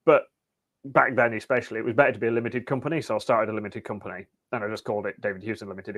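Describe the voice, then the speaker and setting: A man, a race team owner, chatting as a podcast guest in an easygoing, wry way. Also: mid-range voice. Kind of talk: casual interview chat.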